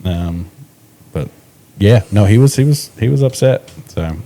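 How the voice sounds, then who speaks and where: A man co-hosting a podcast in casual chat, easygoing and halting, with many fillers. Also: fairly low pitch, lively intonation, dark tone. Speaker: podcast co-host. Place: indoors podcast recording.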